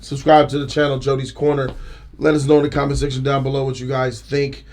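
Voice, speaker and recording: A young man hosting a casual trailer reaction chat, animated and joking, laughing often. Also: medium pitch, quick pace. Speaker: host.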